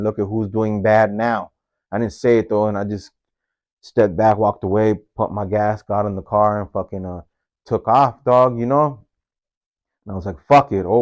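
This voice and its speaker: A man's voice: lowish voice, dull audio. A man, casually telling a personal story in street slang, tagging his phrases with homie, dog and fool.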